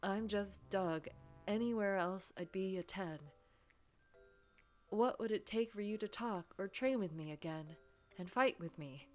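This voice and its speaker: A woman voicing a playful, warm-hearted young man in a game, speaking lightly and earnestly. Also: medium pitch, a little slow, faint music behind, lightly acted.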